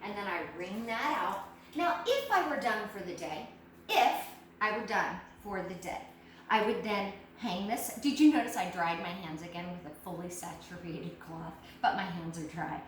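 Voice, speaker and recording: A woman giving an emphatic, animated cleaning product demonstration at a home kitchen sink, talking straight to her audience. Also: medium pitch, moderate pace. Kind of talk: live cleaning product demo. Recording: echoey room, distant mic, faint noise.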